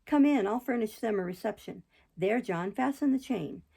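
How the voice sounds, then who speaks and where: A pompous, harsh old magistrate blustering with indignation, read by a woman in her own voice. The tone is low, dark and gravelly, with a husky roughness. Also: animated, moderate pace, full character voice. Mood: indignant.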